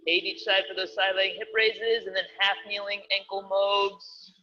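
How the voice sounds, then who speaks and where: Upbeat high-voiced male fitness coach. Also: level tone, normal speed, highs cut off. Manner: upbeat, joking while cueing exercises. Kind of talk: live online workout coaching.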